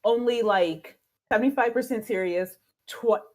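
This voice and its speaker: Gushing husky-voiced woman fan. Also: a little high, moderate pace, darkish tone. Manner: gushing, emotional, laughing often. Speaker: podcast co-host. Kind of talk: excited fan stream chat.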